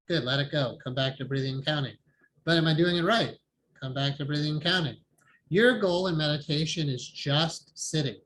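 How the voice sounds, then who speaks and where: Brief: male meditation teacher, slightly high voice, relaxed and chatty, faint hiss behind. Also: rough recording. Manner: calm, conversational, laughs often. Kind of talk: online support group class. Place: home, online video call. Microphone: video call microphone.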